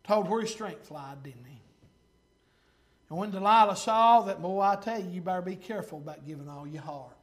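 Very high-voiced fervent preacher man. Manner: fervent, swinging from loud to hushed, folksy asides; reads scripture slowly and deliberately. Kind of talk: sermon.

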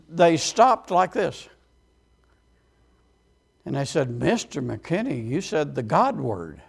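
A preacher telling a story from the pulpit, his voice pitched high for a man and rough with gravel. He punctuates his story with amens and acts out the voices of the people he quotes. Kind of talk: sermon testimony.

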